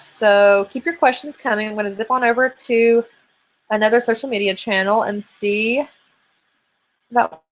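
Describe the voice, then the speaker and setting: A woman in her thirties hosting a live online hangout, chatting casually and rambling as she answers viewer questions. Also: mid-range voice. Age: 30s. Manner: chatty and rambling, many fillers. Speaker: host of a live video hangout.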